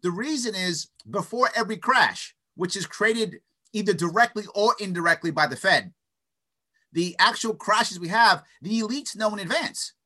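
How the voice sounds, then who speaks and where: A man talking as an interview guest, giving an opinionated, animated argument with stuttered restarts and frequent "right?" tags. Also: high-pitched, normal speed. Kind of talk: opinionated conversational monologue.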